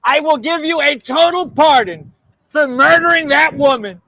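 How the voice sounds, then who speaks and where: This is a smug older president done by a young man who brags over and over. The voice sits very high with a gravelly edge. It is recorded close and dry. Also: expressive, moderate pace, pushed and bright, dry recording, heavily acted, rough recording. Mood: boastful. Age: young adult. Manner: repetitive boasting, stretched emphasis. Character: boastful older male president, brash and smug.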